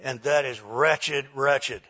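A male pastor preaching a conversational sermon, often checking in with his listeners with a quick "all right?". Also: mid-range voice, sharp tone, muffled recording.

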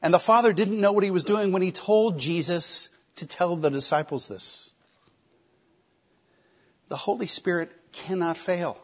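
A man preaching a sermon, emphatic, with rhetorical questions and shifting loudness. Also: high voice, a little slow. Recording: slightly dull lo-fi recording.

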